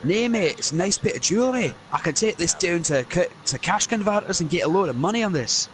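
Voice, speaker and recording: Dude doing a cheeky greedy scottish elf, higher voice, breezy. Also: male voice, lively intonation, fast talker, a little hiss or hum. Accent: mock Scottish.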